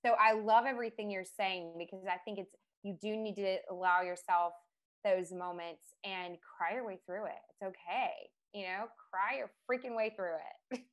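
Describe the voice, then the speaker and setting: A woman chats casually and tells personal stories with lively emotion. Her pitch sits in the middle of the range, and she laughs often as she talks. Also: moderate pace. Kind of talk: casual chat.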